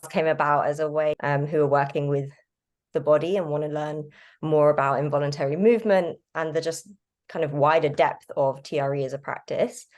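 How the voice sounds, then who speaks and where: A woman with a notably low, deep voice hosts a casual conversation. She talks in a relaxed, easygoing way, pausing on little fillers as she introduces her guest. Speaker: host.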